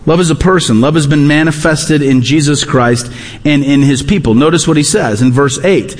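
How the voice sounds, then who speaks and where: High-voiced preacher in a reverberant hall. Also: male voice, normal speed. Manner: emphatic, repeats key phrases. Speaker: pastor. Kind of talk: sermon.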